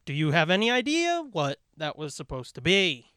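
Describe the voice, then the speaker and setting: A man co-hosting a podcast in casual chat, hyper and fast-talking, swearing constantly. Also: fairly high pitch, huge pitch swings, pushed and bright, smooth, dry recording, clean studio sound. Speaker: podcast co-host.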